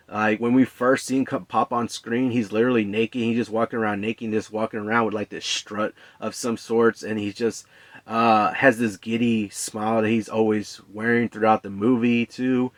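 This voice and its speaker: A man with a fairly low voice gives a relaxed, unscripted movie review. He rambles, with plenty of fillers and restarts. The sound is close and dry, with no room echo. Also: moderate pace. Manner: relaxed, conversational.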